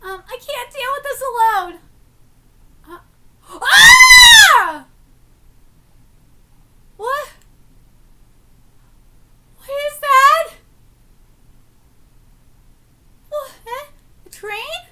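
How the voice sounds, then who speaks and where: A woman's voice: very high-pitched, takes it slowly, long pauses, pushed and bright, pitched above the performer's own voice, exaggerated voice. A woman reading aloud and voicing a frightened young girl who is being chased by a ghost and keeps asking panicky questions. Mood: panicked.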